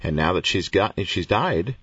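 A male radio interviewer asks short, direct, probing questions. His voice is very low and is heard from some distance off the mic. The sound is dry and muffled. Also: animated, normal speed, fairly bright tone, breathy edge, dry recording.

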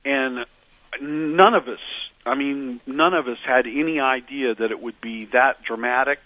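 A man with a bright, forceful voice tells stories as a musician guest, meandering through fillers and restarts. The voice is dry and close, with a slightly dull lo-fi radio sound. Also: mid-range voice, measured pace, no room sound. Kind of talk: reflective radio interview storytelling.

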